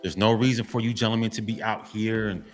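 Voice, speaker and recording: Man, lowish voice, preachy lecture, emphatic and repetitive, soft music behind. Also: steady tone, brisk. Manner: emphatic, repetitive, keeps saying gentlemen. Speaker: motivational vlogger. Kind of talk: preachy monologue to men.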